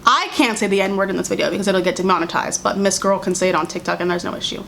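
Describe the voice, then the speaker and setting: At home, a young woman video creator rants to the camera in a sarcastic, exasperated casual commentary, using mocking voices and laughing. Her mid-range voice moves quickly, with vocal fry and a faint hiss or hum in the recording.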